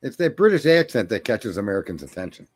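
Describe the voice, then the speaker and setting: Male podcast guest, very lively, swooping intonation, argumentative and casual. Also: on the low side, quick pace. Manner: animated, argumentative, laughs at his own stories. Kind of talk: casual chat.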